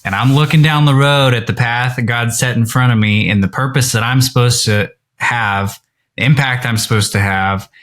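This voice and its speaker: A man's voice: mid-range voice, moderate pace, a bit bright. A man in his thirties hosting a podcast, talking in an earnest, casual way and swearing now and then. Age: 30s. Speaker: podcast host. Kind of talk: casual interview chat.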